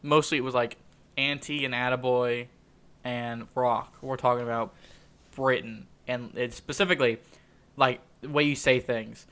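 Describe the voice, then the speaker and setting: A man's voice: mid-range voice, steady tone, normal speed, a bit bright, clean tone. A young man co-hosting a podcast, chatting casually, rambling and laughing often. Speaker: podcast co-host. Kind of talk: casual chat.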